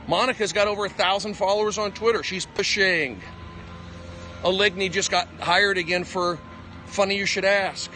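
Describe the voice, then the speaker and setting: A male comedian ranting in a rambling live stream monologue, combative, with jumpy pitch, recorded on a phone outdoors on a city walk. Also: steady tone, moderate pace, pushed and bright, a little hiss or hum. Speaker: comedian livestreaming. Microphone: phone at arm's length.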